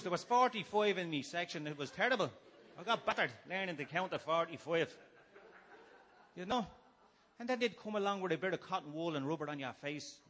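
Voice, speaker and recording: Middle-aged Irish man, slightly high voice, comic testimony to a live room, breaks into loud acted shouts. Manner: humorous, swings from low musing to loud acted-out shouting. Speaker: speaker giving a personal testimony. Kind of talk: storytelling testimony to a gathering. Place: room before a live gathering.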